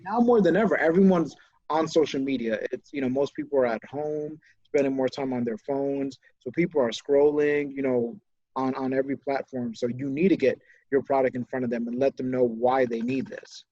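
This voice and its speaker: A man co-hosting a casual business podcast, talking with enthusiasm and telling animated stories. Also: mid-range voice, moderate pace, no echo, lo-fi sound. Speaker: podcast co-host, business owner.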